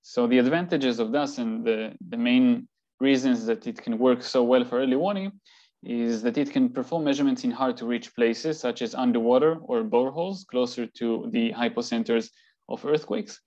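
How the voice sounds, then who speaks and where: A seismology lecturer gives an academic talk with slides, explaining things calmly and at a measured pace with the occasional filler. His voice is an ordinary middle pitch, and the recording sounds slightly dull and lo-fi.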